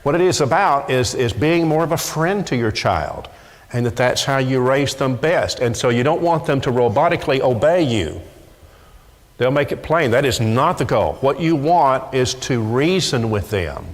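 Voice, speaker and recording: A man's voice: medium pitch, animated, normal speed. A middle-aged man preaching a sermon emphatically, often repeating words as he presses a point. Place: church sanctuary. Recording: echoey church hall.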